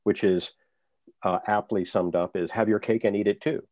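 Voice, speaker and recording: A man's voice: on the low side, steady tone, normal speed, darkish tone, dry recording. A male author talking as a guest, reflective and explaining his thinking with examples. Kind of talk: conversational interview.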